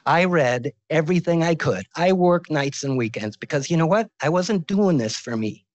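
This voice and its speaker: A man's voice: fairly high pitch, animated, normal speed, lo-fi sound. A man in his sixties giving a medical lecture as a visiting professor, informal and joking, telling stories from his career.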